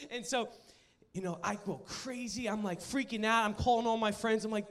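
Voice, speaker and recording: A young man preaching to a live audience, opening with a funny personal story before turning to his sermon in an animated, joking way. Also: high-pitched, normal speed. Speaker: youth pastor.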